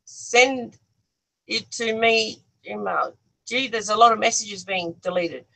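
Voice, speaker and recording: An Australian livestream co-host, chatting with the viewers from a bedroom into a phone propped on a selfie stick. The voice is gravelly with a bright, forceful edge, and the talk is loose and full of giggles. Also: medium pitch, slow, poor audio. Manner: giggly, chatty, talks to the chat. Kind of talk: casual livestream chat. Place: own bedroom.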